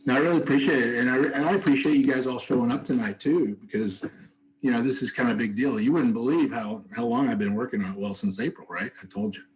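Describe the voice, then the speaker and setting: A man talking casually on a video call in a soft-spoken, halting way with many fillers. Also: medium pitch, poor audio. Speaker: songwriter and bereaved father. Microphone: computer mic on a video call.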